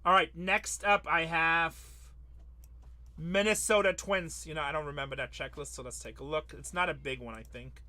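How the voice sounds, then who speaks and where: A man with a bright, forceful, somewhat high voice hosts a live card-break stream. He talks in a quick selling patter, reads off long lists, and teases his buyers. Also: steady tone. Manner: joking, teasing, rattles off lists. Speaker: sports card break host.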